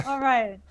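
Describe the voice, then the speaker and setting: A woman with a Canadian accent, a guest in a casual interview, giggly and animated, often restarting her words. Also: mid-range voice.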